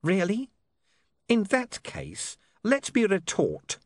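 A man's voice: on the high side, wildly swooping pitch, slow, no echo, full character voice. A man reading an audiobook, voicing a cold, menacing male criminal who talks in a clipped, mocking way. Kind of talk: audiobook character voice.

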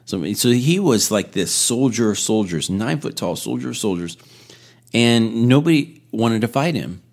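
A man's voice: medium pitch, expressive, moderate pace, a little mellow. A man teaching a Bible lesson in a casual, storytelling way, with asides and restarts. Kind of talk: conversational sermon retelling scripture.

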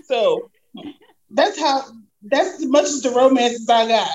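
A woman's voice: fairly high pitch, unhurried, a loud crowd, low-quality recording. A woman guest on a podcast, chatting casually with dry, teasing remarks. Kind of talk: casual chat.

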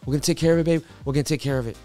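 A man's voice: fairly high pitch, rapid-fire, warm tone, faint music behind, lightly acted. A man doing a swaggering impression of a Boston-accented male movie star, cocky and drawling, calling the listener babe. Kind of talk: live-stream impression.

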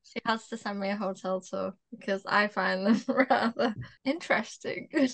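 A young British woman co-hosting a podcast, animated and giggly, swearing casually as she chats. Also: medium pitch, moderate pace, creaky. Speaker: podcast co-host. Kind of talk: casual chat.

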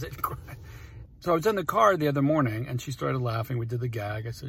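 A man's voice: mid-range voice, animated, fast talker, gravelly, a bit bright, slight background noise. A man in his forties rambling through personal stories in casual talk, emotional and often cutting himself off. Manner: rambling, emotional, self-interrupting.

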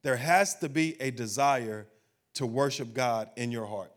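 A man's voice: medium pitch, a little slow. A man pastor preaching a sermon, building to emphatic, rising peaks and asking the congregation questions.

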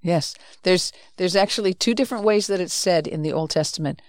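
A woman's voice: lowish voice, fairly quick, no room sound. A woman co-hosting a Christian talk show, explaining scripture earnestly and repeating phrases for emphasis. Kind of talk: teaching faith discussion.

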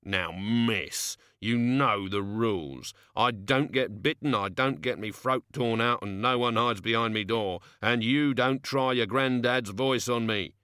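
A man voicing a gruff, slow-talking working-class barman who grumbles and drops his grammar. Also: mid-range voice, bright, forceful tone, no room sound, studio quality. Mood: grumbling.

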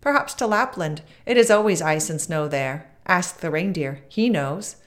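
A woman's voice: fairly low pitch, animated, moderate pace, natural voice. A woman voicing a helpful wood pigeon.

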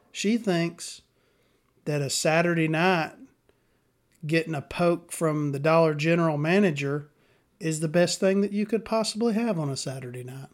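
Rambling, profane man. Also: on the high side. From Southern US. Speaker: podcast host. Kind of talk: casual podcast monologue.

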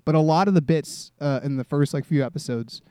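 A man's voice: on the high side, fairly quick, warm tone, clean tone, no room sound, clean studio sound. A man in his twenties hosting a solo comedy podcast, rambling and self-deprecating, swearing often and restarting his sentences. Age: 20s. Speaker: podcast host.

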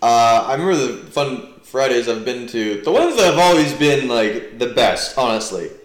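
A man's voice: medium pitch, moderate pace. A young man from New Jersey, a podcast guest chatting casually and rambling with lots of fillers. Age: young adult. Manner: rambling, heavy "like" fillers, animated. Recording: roomy echo.

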